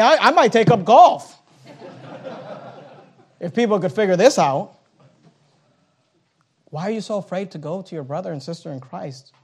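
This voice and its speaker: A pastor preaching a sermon, acting out little dialogues and making blunt, joking asides. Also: male voice, high voice. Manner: animated preaching with acted-out dialogue and rising emphasis.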